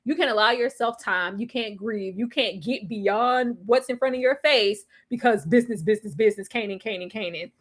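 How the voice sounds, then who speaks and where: A woman giving a casual, animated episode recap, laughing often and acting out scenes. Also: a little high, normal speed, hardly any pauses. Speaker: TV show reviewer.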